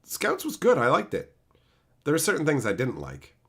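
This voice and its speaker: A streamer in his thirties with a high, bright voice that swings all over the place. He rants, swears freely and answers viewers by name as he plays. The tone is sharp and excitable. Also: moderate pace, slightly rough. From Canada. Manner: animated, profane ranting, answering chat by name. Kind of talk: live-stream chat with viewers.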